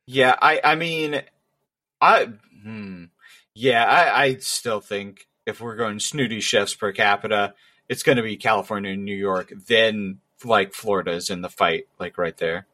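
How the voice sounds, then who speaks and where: Man with a bright, forceful tone. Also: lowish voice, measured pace. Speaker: podcast co-host. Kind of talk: casual chat.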